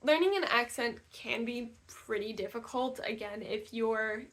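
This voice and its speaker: A woman's voice: fairly high pitch, unhurried. Enthusiastic young woman vlogging. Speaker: language-learning vlogger. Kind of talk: casual explanatory talk to camera.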